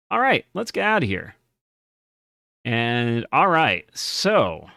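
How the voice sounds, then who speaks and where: A man's voice: medium pitch, fairly bright tone, no room sound, studio quality. A man giving casual gameplay commentary, chatty and often laughing, reading game text aloud as he plays. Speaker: game streamer.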